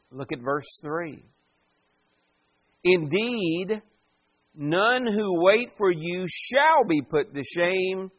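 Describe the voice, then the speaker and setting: Slow-preaching man with a high voice. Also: muffled recording. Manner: preaching verse by verse, rising and dropping to a hush for emphasis. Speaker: pastor. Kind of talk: sermon.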